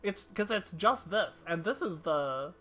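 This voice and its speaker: A woman's voice: on the low side, animated, a little slow, fairly bright tone. Chatty self-deprecating woman streamer. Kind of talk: casual livestream chat while gaming.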